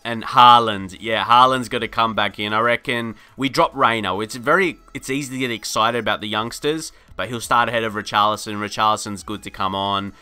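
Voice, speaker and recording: A man hosting a gaming video, giving casual gameplay commentary in a chatty, rambling way, laughing often and getting excited at good plays. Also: fairly low pitch, fairly quick, hardly any pauses, clear, resonant tone, soft background music.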